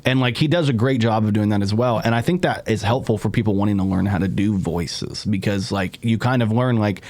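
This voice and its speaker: A man's voice: on the low side, brisk, a little mellow, no room sound. A man hosting a comedy podcast, chatting casually and rambling with many restarts. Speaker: podcast host.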